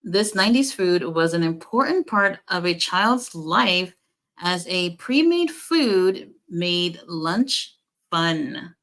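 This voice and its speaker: Slow-talking, relaxed woman streamer. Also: lowish voice. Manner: relaxed, unhurried, teasing chat. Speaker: co-host of a wrestling watch-along stream. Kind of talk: casual chat, running a trivia game for chat.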